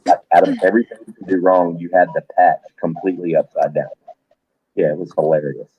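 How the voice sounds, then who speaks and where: A man's voice: deep voice, flat delivery, a little fast, a little hiss or hum. A middle-aged man, a retired soldier and bar owner, telling a blunt, profane anecdote in casual talk among friends. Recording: tinny phone-like dry sound.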